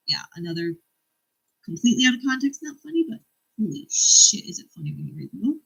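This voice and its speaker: A woman's voice: medium pitch, big pitch swings, brisk, creaky, fairly bright tone, breathy edge, poor audio. A woman vlogger chatting casually about a book series, enthusiastic, cursing freely and laughing often. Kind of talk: casual chat about books.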